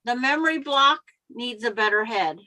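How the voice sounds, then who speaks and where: Bright-voiced woman chatting about sewing. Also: a little high, animated, normal speed, dry recording, poor audio. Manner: chatty, explains her sewing steps. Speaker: host of a quilting live stream. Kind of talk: casual chat. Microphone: computer mic on a video call.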